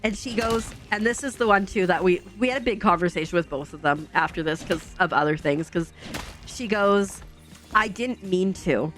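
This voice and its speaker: A woman's voice: lowish voice, normal speed, a bit bright, faint music behind. A woman streamer telling a long family story in casual, chatty talk full of fillers.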